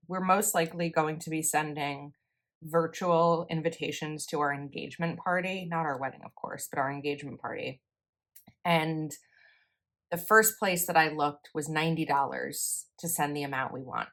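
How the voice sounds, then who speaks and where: Her voice sits low with a bit of brightness as this young planner vlogger chats through her planner. The casual voice-over rambles slightly, and she keeps correcting herself along the way.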